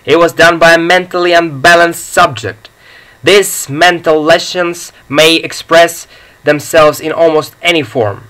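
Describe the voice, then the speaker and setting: A man's voice: a little high, pushed and bright, low-quality recording. A man voicing a pompous elderly male nerve specialist in an audiobook, formal and indignant. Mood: lecturing. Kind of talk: audiobook reading.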